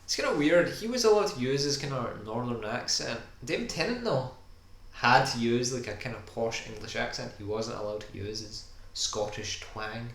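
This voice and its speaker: A man's voice: mid-range voice, lively intonation, moderate pace, a bit bright. A man co-hosting a casual podcast, chatting enthusiastically while they watch an episode, with lots of "kinda". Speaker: podcast co-host. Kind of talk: casual chat over a viewing. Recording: echoey room with faint ambient noise.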